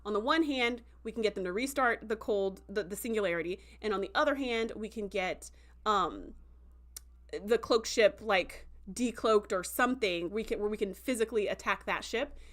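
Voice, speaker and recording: A woman hosting a casual livestream review, chatty and full of "like" and "um" fillers, who slips into animated voices when quoting characters. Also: medium pitch, moderate pace. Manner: breaks into animated voices for quotes.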